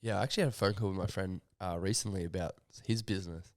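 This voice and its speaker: A man hosting a podcast, chatting in a quick, easygoing way. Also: low voice, fairly even intonation, no room sound, clean studio sound. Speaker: podcast host. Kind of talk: casual chat.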